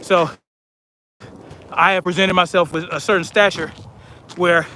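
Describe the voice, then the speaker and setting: Cocky gym-bro bodybuilder who brags about his stature, a man putting it on, higher voice, faint hum behind. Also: steady tone, unhurried, sharp tone. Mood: boastful. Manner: bragging, self-important. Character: boastful bodybuilder man talking big.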